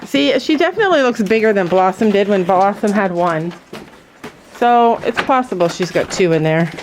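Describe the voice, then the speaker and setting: A woman's voice: expressive, normal speed, slight background noise. A middle-aged woman chatting casually on her farm, talking to her goats while filming. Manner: chatty, voices her goats in squeaky high tones. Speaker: vlogger. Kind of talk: casual farm vlog chat.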